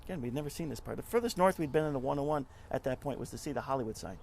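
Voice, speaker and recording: A middle-aged man, a nonprofit club leader, giving a casual interview and telling stories in a lively way, often acting out what people said. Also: medium pitch, racing, gravelly, slight background noise. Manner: chatty, animated storyteller who acts out quotes.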